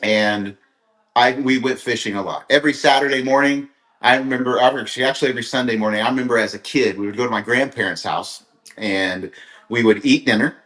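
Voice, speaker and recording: A middle-aged man from Kansas talks fairly quickly in a mid-range, fairly bright voice, and the sound is roomy. On a livestream, he gives an earnest motivational talk, rambling through stories with frequent restarts.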